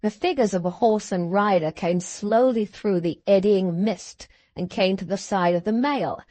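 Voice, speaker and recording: A woman reading a classic novel aloud as an audiobook narrator, in measured storytelling. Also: mid-range voice, mellow, no echo. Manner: measured storytelling, voicing the characters.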